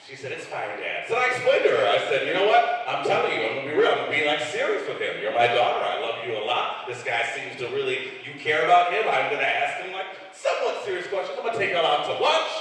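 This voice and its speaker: A man's voice: fairly high pitch, big pitch swings, fast, few pauses, fairly bright tone, recorded from a distance. A middle-aged man from Detroit doing a profane stand-up set on a club stage, acting out the people he quotes. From Detroit, USA. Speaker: stand-up comedian. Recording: echoey club hall picked up from afar.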